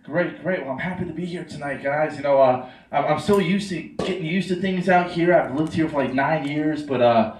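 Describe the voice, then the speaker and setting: A man from New doing a stand-up comedy set, rambling and self-mocking with quick asides to the crowd. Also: a little high. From New York. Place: comedy club stage. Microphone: handheld stage mic heard from the room camera. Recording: roomy club sound from a distant camera. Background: audience laughter.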